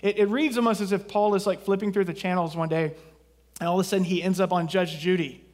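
A man's voice: high voice, steady tone, fast, darkish tone. A man from southeast Texas preaching a sermon as pastor, in a conversational way with jokes and asides.

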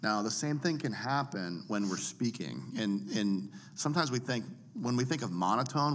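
A low-pitched man talks casually about the craft of speaking, his voice jumping high and dropping low as he acts out the habits he describes. He stays animated and conversational throughout. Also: moderate pace, hardly any pauses. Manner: animated, demonstrates voices by swinging pitch widely. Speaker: preaching coach. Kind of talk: casual teaching chat.

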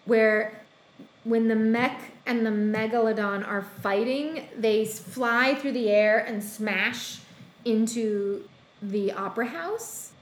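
A woman's voice: fairly high pitch, slow pace, echoey room, slight background noise. A woman co-hosting a casual chat, recapping a film in a rambling way with many ums and quoted asides. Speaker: podcast co-host recapping a film.

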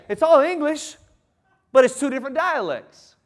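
A man in his seventies with a Southern US accent, preaching with folksy energy. His voice sits very high for a man. He keeps the sermon lively with playful impressions and easy asides to the church. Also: moderate pace. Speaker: pastor.

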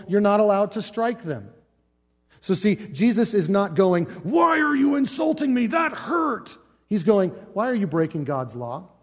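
A man's voice: sits high, a little mellow, long reverb tail. A male pastor preaching a sermon, emphatic, building lists and asking rhetorical questions.

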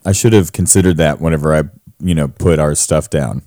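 A man's voice: very deep voice, brisk, mellow, no echo, studio quality. A young adult man co-hosting a podcast in casual, playful chat, teasing his partner and rambling with fillers. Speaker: podcast co-host.

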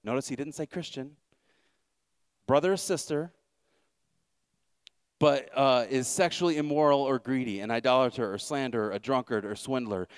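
A man's voice: mid-range voice, moderate pace, long pauses, clear, resonant tone, dry recording. A man pastor preaching a sermon, emphatic and repeating his key lines, with wry asides.

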